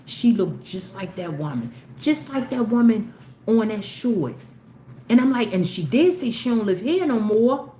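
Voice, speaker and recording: A woman's voice: a little high, very animated, a little slow, warm tone. Chatty woman telling a story. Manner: chatty, rambling, with many restarts. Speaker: YouTube live host. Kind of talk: casual storytelling to viewers. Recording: roomy with faint background noise.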